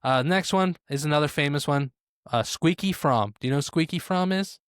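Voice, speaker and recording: A man's voice: a little high, fairly quick, clear, resonant tone, dry recording. Man in a dry podcast chat. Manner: storytelling with filler "uh" and "like", wry asides. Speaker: podcast co-host. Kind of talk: casual chat.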